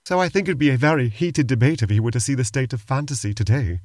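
A man's voice: mid-range voice, quick pace, darkish tone, dry recording. A man co-hosting a comedy podcast, answering in a dry, exasperated manner. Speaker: podcast co-host.

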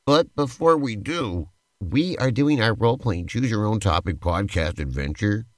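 A man's voice: fairly low pitch, animated, moderate pace, no room sound, clean studio sound. A man hosting a podcast and narrating a playful tabletop-style role-play adventure as game master, in an easygoing, rambling way.

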